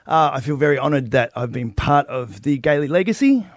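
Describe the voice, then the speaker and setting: An Australian man co-hosting a breakfast radio show in a studio, speaking emotionally with halting pauses and fillers. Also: medium pitch, expressive, dry recording. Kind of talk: on-air farewell chat. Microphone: studio microphone.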